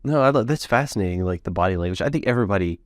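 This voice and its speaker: Lower-voiced enthusiastic American man. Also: expressive, racing, no echo, studio quality. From United States. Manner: enthusiastic, rambling, filler-heavy. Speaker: podcast host. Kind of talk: casual interview chat.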